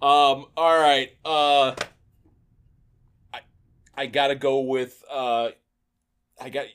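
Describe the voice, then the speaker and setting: A man's voice: mid-range voice, slow, a little hiss or hum. A man co-hosting a podcast, chatting casually and acting out comedy sketches with laughter and swearing. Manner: animated, acts out quoted lines, laughs often, swears. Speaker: podcast co-host.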